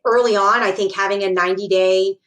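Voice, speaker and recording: A woman's voice: mid-range voice, fairly even intonation, a little fast, fairly bright tone. A woman recruiter speaks as a podcast guest, with a mid-range voice. She explains her advice thoughtfully, using examples and a few fillers. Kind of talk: casual interview chat.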